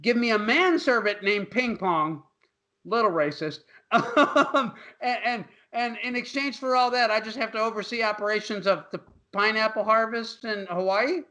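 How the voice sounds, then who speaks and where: A man's voice: high voice, moderate pace, sharp tone, low-quality recording. A man co-hosting a podcast, recapping a movie in loose, profane, laughing casual chat. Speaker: podcast co-host.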